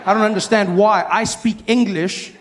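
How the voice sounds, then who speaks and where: A man performing stand-up, his voice sitting a little high for a man. He tells his stories with animated energy, jumping into loud acted-out outbursts. A faint hum of ambience sits under the recording. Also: moderate pace. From South Africa. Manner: animated storytelling, acting out scenes with loud outbursts. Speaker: comedian. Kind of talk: stand-up comedy.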